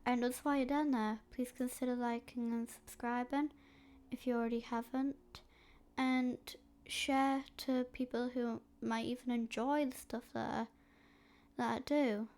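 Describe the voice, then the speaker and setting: A woman narrating a map history video in a slow, hesitant way, with a stuffy, snotty nose and frequent fillers. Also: on the high side, level tone, a little mellow.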